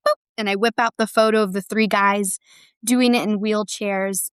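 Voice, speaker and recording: A woman's voice: medium pitch, steady tone, normal speed, clean tone, dry recording, clean studio sound. A woman speaking as a park ranger guest on a podcast, telling stories in an earnest, enthusiastic way. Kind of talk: casual chat.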